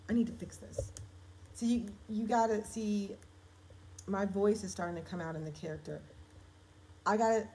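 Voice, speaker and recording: A woman's voice: mid-range voice, a little mellow, rough recording. A woman writer chatting on a live stream, reading her draft aloud and correcting herself as she talks straight to her viewers. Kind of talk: casual live-stream chat.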